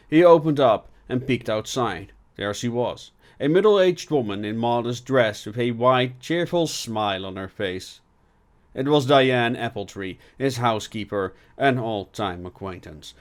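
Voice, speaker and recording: A man narrating a fiction audiobook with dramatic swings from loud to hushed. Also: mid-range voice. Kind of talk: audiobook narration with character voices.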